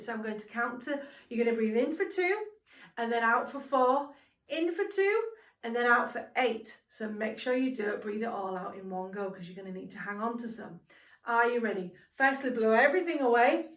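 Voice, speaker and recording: A woman teaching a singing lesson to young children, encouraging and speaking slowly and clearly. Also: fairly high pitch, expressive, fairly bright tone. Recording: roomy sound from a distance, music behind.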